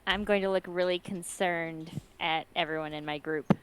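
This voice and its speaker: Woman player, soft, hesitant, describing her character. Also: lowish voice, steady tone, moderate pace, clear, resonant tone, poor audio.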